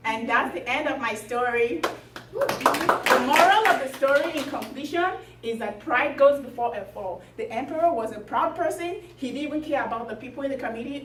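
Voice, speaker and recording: A woman retelling a fairy tale to a group, chatty and lively with many fillers. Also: a little high, a little fast, few pauses, slight background noise. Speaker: storyteller. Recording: echoey room from far off.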